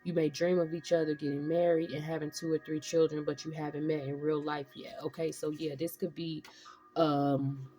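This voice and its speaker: A woman's voice: deep voice, little pitch movement, moderate pace, warm tone, soft background music. A woman giving a casual tarot reading, rambling and profane with streetwise slang. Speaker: tarot reader.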